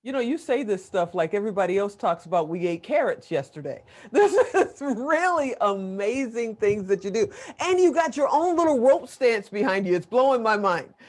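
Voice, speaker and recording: A woman's voice: on the high side, big pitch swings, moderate pace, hardly any pauses. An older woman co-hosting an interview, enthusiastic and affirming toward her guest. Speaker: podcast co-host.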